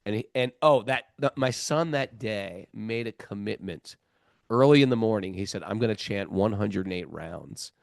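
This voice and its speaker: A middle-aged man hosting a spiritual podcast, telling a story in a lively casual way, acting out the other people's lines and laughing often. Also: lowish voice, moderate pace, gravelly, no echo, studio quality. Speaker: podcast host.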